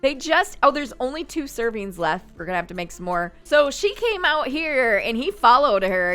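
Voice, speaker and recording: A woman's voice: sits high, very animated, moderate pace, few pauses, a bit bright, soft background music. A woman hosting a gaming channel, chatting and thinking aloud as she plays. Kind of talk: casual Let's Play commentary.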